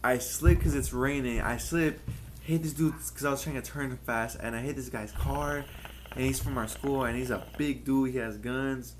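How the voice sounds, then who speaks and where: A man's voice: medium pitch, moderate pace, slight background noise. A young man co-hosting a casual podcast, telling a long rambling story full of swearing and acted-out quotes. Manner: rambling, profane, acts out others' lines. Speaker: podcast co-host.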